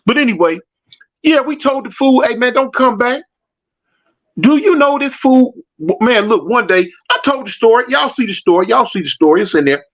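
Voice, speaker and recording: A man tells a street story in loose, slangy talk and acts out the voices of the people in it. His voice sits high for a man. The recording sounds muffled and lo-fi. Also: animated, moderate pace. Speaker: storyteller answering live chat. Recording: dull lo-fi audio.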